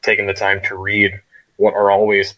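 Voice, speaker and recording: Lo-fi, deep-voiced man chatting casually. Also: moderate pace. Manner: relaxed, rambling with filler words. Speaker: guest game reviewer. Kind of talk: casual podcast chat. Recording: dull lo-fi audio.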